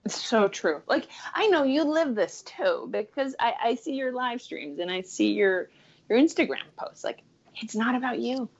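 A woman's voice: on the high side, lively intonation, moderate pace, muffled recording. Chatty, enthusiastic woman in her thirties. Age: 30s. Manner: enthusiastic, chatty, many "like" fillers. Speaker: guest, career coach. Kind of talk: casual interview talk.

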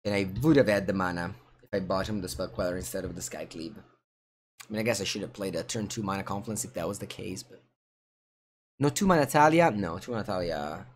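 A man's voice: low-pitched, brisk, a little hiss or hum. Italian man muttering through a card game. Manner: muttering thoughts aloud, with sudden excited outbursts. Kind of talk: live gameplay commentary.

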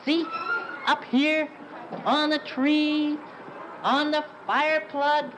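A man performing a big, childlike, eager bird puppet with a high, wobbly, innocent voice on a 1970s children's TV show. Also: flat delivery, drawn-out words, background noise, full character voice. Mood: proud.

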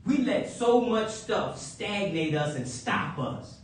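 A man preaching a sermon, animated and playful, breaking into high whoops and chuckles. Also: takes it slowly, few pauses. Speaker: pastor. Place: church sanctuary. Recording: echoey church from a distant mic.

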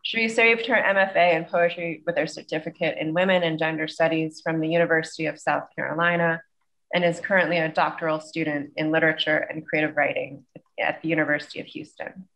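A woman's voice: sits low, fairly even intonation, fairly quick, a bit bright, low-quality recording. A woman facilitator reading a polite, earnest introduction of a guest speaker over a video call. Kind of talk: scripted introduction.

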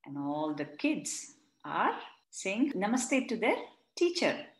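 A woman's voice: medium pitch, very animated, takes it slowly. A woman leading an interactive read-along for children, explaining words and retelling each page. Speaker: storyteller. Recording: roomy echo.

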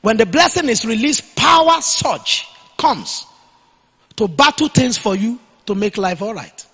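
A man preaches with a high, husky voice that rings out in a large church hall with a long reverb. He is emphatic and slows down to dictate key points word by word for his listeners to write down. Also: animated, bright, forceful tone. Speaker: pastor. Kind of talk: sermon.

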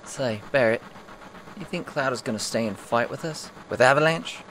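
A man's voice: medium pitch, normal speed, fairly bright tone, slight background noise, lightly acted, poor audio. A man doing a cheerful British rebel guy. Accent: British put-on. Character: friendly young male rebel with British accent.

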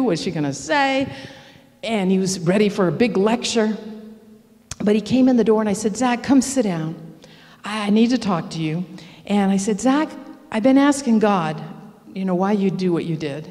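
A middle-aged woman speaking at a prayer seminar tells an earnest, confessional story in a sermon, candid about her own faults. Her mid-range voice has a dark tone, and the church hall adds a long reverb.

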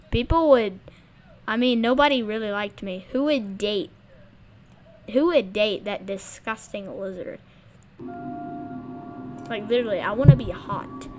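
A woman giving excitable, blunt, jokey gameplay commentary as the channel's gamer. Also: on the high side.

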